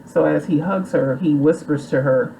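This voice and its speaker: A woman's voice: low-pitched, normal speed, creaky, warm tone, a little hiss or hum, poor audio. A woman casually recapping a movie plot in a rambling, chatty way full of fillers. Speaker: movie reviewer.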